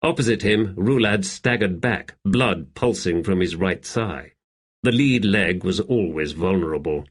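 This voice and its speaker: A man narrating a fantasy audiobook in a steady, measured reading. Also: low-pitched, breathy edge. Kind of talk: scripted narration.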